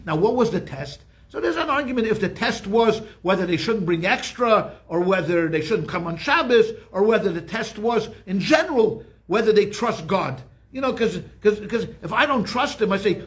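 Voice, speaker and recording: An older man teaching an informal Torah class as a rabbi, telling stories in an animated way, acting out quotes and often repeating his words. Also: sits high, brisk. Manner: animated storytelling, acts out quotes, frequent repetitions.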